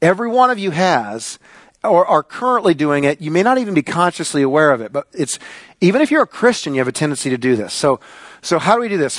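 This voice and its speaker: A middle-aged pastor preaching a sermon, telling a personal story with lively, excitable energy that sometimes rises to near shouting. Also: male voice, a little high, fast talker, no echo, studio quality. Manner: animated storyteller, gets loud and excited.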